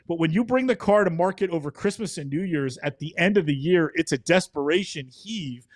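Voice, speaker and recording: A man's voice: fairly high pitch, no room sound, clean studio sound. A middle-aged man co-hosting a podcast, giving blunt, emphatic opinions in casual talk. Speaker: podcast co-host. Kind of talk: casual chat.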